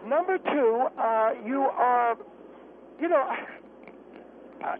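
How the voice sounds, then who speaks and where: A man voicing a haughty, combative older woman caller who mocks everyone in a cracking falsetto, heard over a phone line. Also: slow, background noise. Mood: snippy. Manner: snippy, mocking, combative. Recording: dry tinny phone line.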